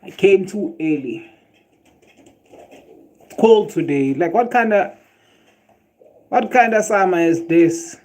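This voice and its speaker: A man's voice: sits high, slow, pauses often. A South African man with a South African accent, chatting casually on a livestream, ranting and joking with his viewers. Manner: animated ranting, swearing and laughing at chat.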